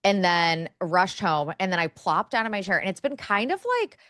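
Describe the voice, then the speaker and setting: A young woman co-hosts a podcast in a loose, chatty way, wandering through her thoughts with plenty of filler words. Her voice sits a little low. The sound is dry and close, with no room around it. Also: animated, moderate pace, a bit bright, dry recording. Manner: chatty, rambling, lots of fillers. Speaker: podcast co-host. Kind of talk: casual chat.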